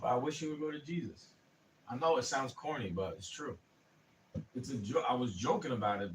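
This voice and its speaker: A man's voice: mid-range voice, fairly bright tone, recorded from a distance, slight background noise, low-quality recording. A man in his twenties, ranting profanely and heatedly in a casual livestream. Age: 20s. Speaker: streamer.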